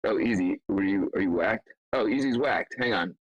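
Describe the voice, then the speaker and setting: A man's voice: fairly low pitch, normal speed, dry recording, dull audio. A man hosting an online meetup in a loose, laughing casual chat with many fillers. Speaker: meetup host.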